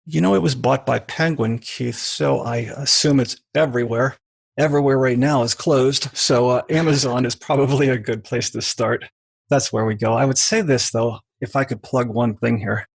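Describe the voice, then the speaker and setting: A middle-aged man, a book author, as a podcast guest telling lively stories and acting out the voices in them. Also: medium pitch, moderate pace, creaky, slightly rough, dry recording. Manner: animated storyteller who mimics voices in quoted anecdotes. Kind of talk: podcast interview, storytelling.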